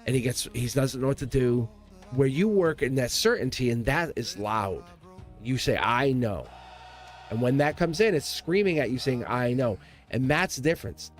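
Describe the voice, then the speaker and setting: A man's voice: medium pitch, animated, normal speed, soft background music. A man giving a live tarot reading to viewers, talking in an earnest, rambling way, repeating phrases and correcting himself mid-sentence. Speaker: tarot reader.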